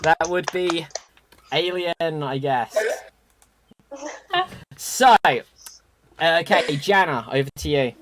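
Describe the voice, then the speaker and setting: A man's voice: a little high, takes it slowly, long pauses, a bit bright, slight background noise. A man hosting an online improv comedy show, upbeat and chuckling as he keeps the game moving. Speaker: host.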